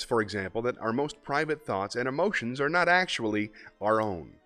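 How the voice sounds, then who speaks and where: Laid-back guy hosting a live stream, reads poems in a low radio voice, faint music behind. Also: animated, brisk, hardly any pauses, pushed and bright. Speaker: host of a live variety stream. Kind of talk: casual live-stream chat and poetry reading.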